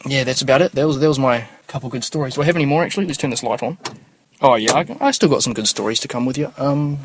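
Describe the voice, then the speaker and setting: A young New Zealand man, a podcast host, talks fast at a medium pitch over slight background noise. His casual monologue is full of rambling, slangy stories, and he swears often.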